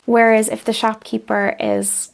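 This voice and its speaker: A woman's voice: a little high, little pitch movement, a little slow, vocal fry. A young woman talking casually to camera, reflective, acting out small example voices as she explains. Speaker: vlogger sharing personal growth advice.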